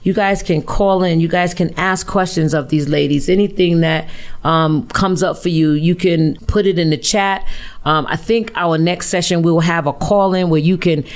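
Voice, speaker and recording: A woman's voice: fairly low pitch, fairly even intonation, normal speed. A woman hosting a studio podcast, speaking in an affirming, casual way with plenty of "um" and "you know". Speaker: podcast host. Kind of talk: casual studio talk show.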